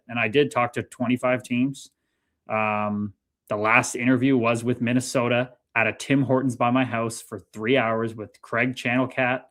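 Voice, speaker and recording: A man in his thirties, a former hockey player, telling stories in a casual interview, animated and dropping the odd swear word as he acts out old conversations. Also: medium pitch, moderate pace. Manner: animated, swearing, lively retelling with quoted dialogue. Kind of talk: casual storytelling.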